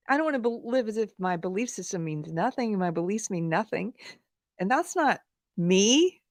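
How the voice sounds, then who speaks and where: A woman hosting a live talk show, telling a personal story in a candid, animated way with fillers and laughs, at times close to tears. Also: medium pitch, moderate pace, no room sound. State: emotional, near tears. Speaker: podcast host. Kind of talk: live-streamed commentary, personal anecdote.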